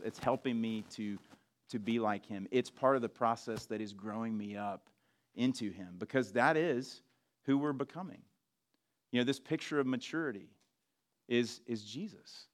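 A man preaching a sermon in a relaxed, conversational way, with frequent restarts and asides. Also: medium pitch, a little hiss or hum. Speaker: pastor.

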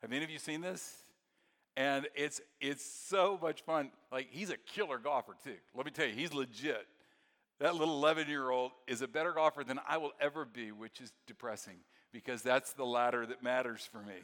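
A man preaching a sermon, telling stories with excitement and then dropping to hushed, tender moments. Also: mid-range voice, fairly quick. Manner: storytelling, swings from excited to very soft and hushed. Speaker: pastor. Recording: long hall reverb.

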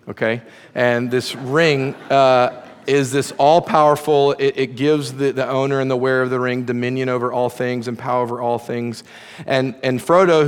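A man's voice: mid-range voice, smooth. Preacher man in a reverberant hall. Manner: animated, playful sarcasm when quoting God. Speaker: pastor. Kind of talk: sermon.

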